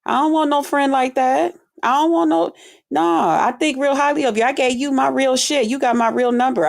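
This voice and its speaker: A woman's voice: a little high, creaky. A woman hosting a casual livestream chat, talking bluntly and animatedly. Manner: blunt, animated, mimics sounds and voices. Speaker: livestream host.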